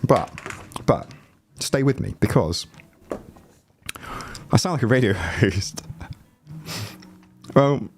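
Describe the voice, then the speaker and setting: A man's voice: mid-range voice, animated, slow, long pauses, faint music behind. A man livestreaming from home with a chest cold that leaves his voice rattly, chatting and joking with his viewers in a loose, rambling way. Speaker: livestreaming YouTuber. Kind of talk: casual livestream chat. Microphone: desk mic, no headphones.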